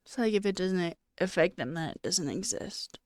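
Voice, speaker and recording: A woman talking casually on a live stream, tearful and crying, speaking in halting phrases broken by sighs. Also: on the low side, expressive, dry recording, studio quality. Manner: halting, sighing, quietly emotional.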